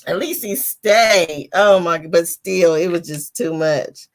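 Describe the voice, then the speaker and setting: A woman's voice: on the low side, slow. A woman hosting a live book discussion, chatting casually with slang and frequent laughter.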